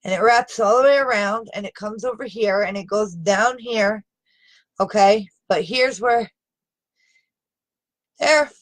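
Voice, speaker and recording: A woman's voice: mid-range voice, a little slow, long pauses, rough recording. A woman talking unscripted on a live video into a phone camera, upset and exasperated, pleading and emphatic as she presses her point. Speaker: live streamer.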